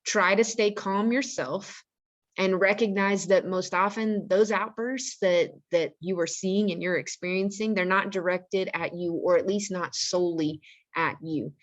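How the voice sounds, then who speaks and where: A woman's voice: mid-range voice, steady tone, a little slow. A woman on the staff of a school, talking earnestly and practically to parents and giving them advice on handling angry teenagers. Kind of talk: informal parent-education talk.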